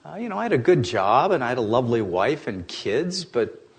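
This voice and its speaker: A man putting on a plain, apologetic family man who trips over his words, with a lively pitch that rises as he hedges. It stays close to the teller's own voice. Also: brisk. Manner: hesitant, apologetic, stammering.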